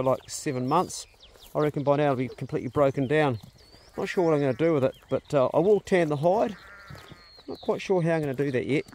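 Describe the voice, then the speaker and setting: Relaxed New Zealand man on a farm. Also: medium pitch. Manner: relaxed, plain-spoken, chatty. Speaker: vlogger, farm owner. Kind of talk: casual narration on a farm walk. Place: rural farm outdoors.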